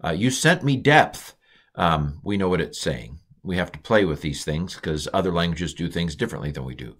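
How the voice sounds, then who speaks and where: A man with a notably low voice talks through a lesson in a casual, unscripted way. He thinks aloud, fills pauses with "um" and "uh", and restarts sentences. When he sounds out foreign words he slows right down and stretches each syllable. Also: lively intonation, fairly bright tone. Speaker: Hebrew teacher. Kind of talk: informal recorded language lesson.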